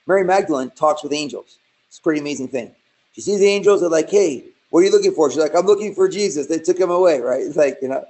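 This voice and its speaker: Male preacher, voice on the higher side, casual animated Bible teaching. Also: rough recording. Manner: conversational and animated, with asides and jokes. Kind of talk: informal Bible teaching sermon.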